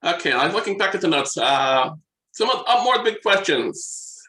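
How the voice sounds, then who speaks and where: A bright, fairly high man's voice with a roomy echo around it. He chats eagerly, working from his notes and trailing off as he searches for the next point. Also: very animated, normal speed. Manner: enthusiastic, checks his notes, trails off mid-thought. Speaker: podcast co-host. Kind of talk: casual chat.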